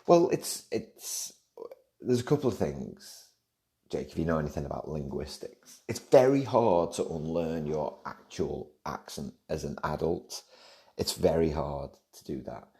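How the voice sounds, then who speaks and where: A middle-aged Liverpool man hosting a podcast, with a very deep, dark and mellow voice. He answers listener questions in a loose, chatty way. He drifts off topic and breaks off mid-sentence before picking the thread back up. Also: lively intonation, measured pace. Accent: Liverpool English. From England, Liverpool area. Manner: rambling, digressive, self-interrupting. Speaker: podcast host.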